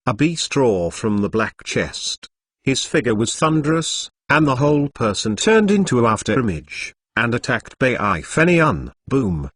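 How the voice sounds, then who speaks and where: A synthetic male voice narrating a translated web novel in an even, machine-read delivery. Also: mid-range voice, no echo. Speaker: audiobook narrator.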